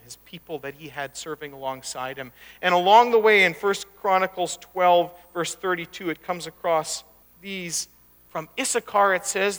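A male pastor delivers a sermon in a chatty, storytelling manner with folksy asides. His voice sits high and sounds bright and forceful. It rings out in a long church reverb. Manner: conversational, anecdotal, folksy asides.

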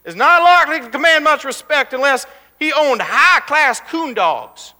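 A preacher doing a folksy, plainspoken rural older man with an Arkansas drawl, pitched up high and bright. The voice sounds a touch off-mic and rings in a long church hall reverb. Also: expressive, moderate pace, heavily acted.

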